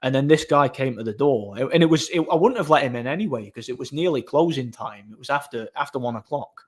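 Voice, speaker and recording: A man's voice: medium pitch, expressive, fast. A man, casually telling a story as host of his own channel, repeating words and using many fillers.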